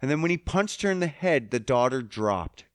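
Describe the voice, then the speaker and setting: A podcast host delivers an emotional monologue rant, angry, emphatic and heavily profane, sounding choked up at times. His medium-pitched voice is sing-song at normal speed, with a clean, studio-quality sound and no room noise.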